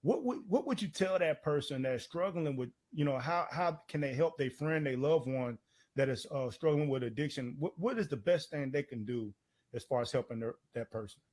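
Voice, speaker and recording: A man's voice: fairly high pitch, normal speed, darkish tone. A man, a co-host, asks the guest a question in a loose, rambling way full of "you know". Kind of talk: casual interview talk.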